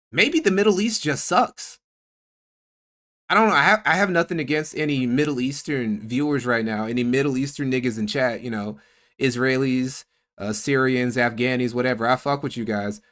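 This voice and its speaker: A man's voice: medium pitch, animated, moderate pace, fairly bright tone. A young man streaming and reacting to a clip in casual chat. He talks in a sarcastic, profane, rambling way.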